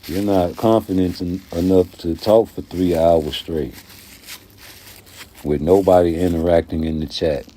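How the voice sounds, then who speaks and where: A YouTube commentary host rants casually on his own channel, his low voice unhurried over slight background noise. He tells stories in an animated, profane, streetwise way.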